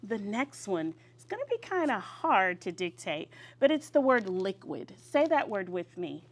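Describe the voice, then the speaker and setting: A woman teacher leading young children through a vocabulary lesson in a classroom, with call-and-response and drawn-out words. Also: medium pitch, sing-song.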